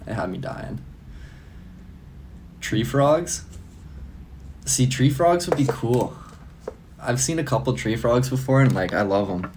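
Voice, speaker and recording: A man's voice: medium pitch, animated, slow pace, long pauses, noisy background. A young man chatting casually on a live stream, loose and profane, laughing often. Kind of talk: casual live-stream chat answering comments.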